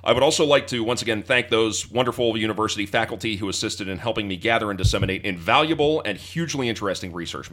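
A man's voice: on the low side, fairly bright tone. A young man hosting a history podcast, mixing dry, mock-formal jokes with earnest thanks to his listeners. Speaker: podcast host. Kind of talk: casual podcast chat and scripted sign-off.

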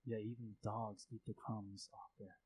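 A man's voice: on the low side, level tone, measured pace, a little mellow, a little hiss or hum, poor audio. A man preaching a sermon, speaking earnestly and acting out prayers and indignant reactions to make his point. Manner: earnest, acts out prayers and reactions with rising intensity. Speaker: pastor.

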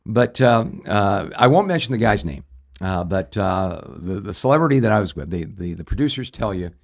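A man's voice: lowish voice, expressive, normal speed, creaky. A man hosting a radio talk show, telling a story casually with many fillers and restarts.

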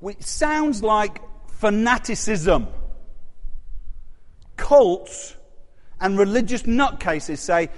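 A man's voice: sits high, lively intonation, very slow, pauses often. A man preaching a sermon in a conversational way, often putting questions to his congregation. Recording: long hall reverb.

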